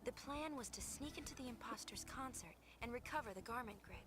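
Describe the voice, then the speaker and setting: A high, breathy young heroine recounts her adventure in a soft, quiet video game narration. Her voice sits well above most women's, with an airy edge. Gentle music plays beneath her. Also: a little fast. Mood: narrating.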